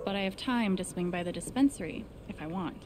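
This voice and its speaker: An actress as a subdued young game heroine. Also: female voice, medium pitch, brisk, a crowd in the background, close to an everyday voice.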